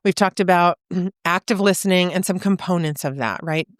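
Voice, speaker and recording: Lower-voiced woman therapist, explaining. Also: normal speed, no echo, clean studio sound. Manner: thoughtful, warm explaining with frequent "right?" and "you know?". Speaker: podcast co-host and therapist. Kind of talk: casual faith podcast conversation.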